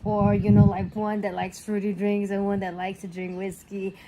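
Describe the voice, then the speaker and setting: A young woman content creator in an animated, exasperated rant, emphatic and swearing often. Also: mid-range voice, moderate pace, a little hiss or hum.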